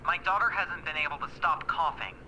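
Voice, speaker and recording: Game voice: polite middle-aged father caller, bright tone, faint noise. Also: fairly high pitch, animated, rough recording. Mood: worried. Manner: polite, measured. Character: worried father calling a hotline.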